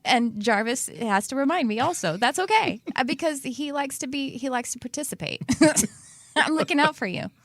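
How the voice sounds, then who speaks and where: A woman's voice: high-pitched, animated, fairly quick, no echo. A woman hosting a spiritual podcast in a casual, chatty way, rambling and often laughing at herself. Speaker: podcast host.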